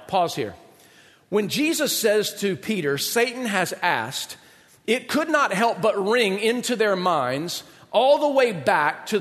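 A man with a notably high voice preaches a sermon, talking to the congregation in a chatty, conversational way and often asking rhetorical questions. His voice rings out with a long reverb, as in a large hall. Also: fairly bright tone. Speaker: pastor.

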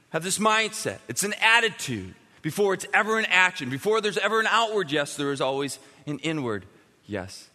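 Animated high-voiced preacher in a hall. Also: male voice. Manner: animated, emphatic preaching with sudden drops to quiet. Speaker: pastor. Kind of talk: sermon. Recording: long reverb of a large hall.

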